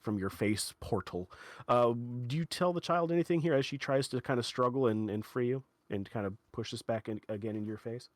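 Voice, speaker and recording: A man narrating as game master in a tabletop game, halting and playful, with many fillers and restarts. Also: mid-range voice, no room sound, clean studio sound.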